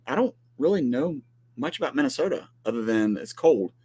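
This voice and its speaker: A man's voice: mid-range voice, animated, fairly quick, a little mellow, husky. A man co-hosting a ranch livestream, chatting casually, teasing and often restarting his sentences.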